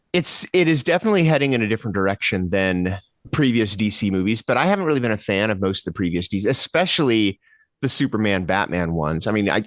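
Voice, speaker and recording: A man's voice: on the low side, no room sound. A man co-hosting a podcast, casually reviewing a film in a laid-back, hesitant way with fillers. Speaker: podcast co-host.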